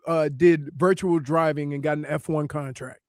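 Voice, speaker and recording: A man co-hosting a sports talk radio show, chatting in an excitable, teasing way. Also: fairly high pitch, normal speed, dry recording, clean studio sound. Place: radio studio.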